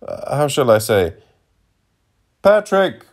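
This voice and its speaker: A man's voice: on the low side, sing-song, a little slow, darkish tone. A man voicing a servile, hesitant male innkeeper who gropes for his words, read as part of a storybook narration. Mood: fawning.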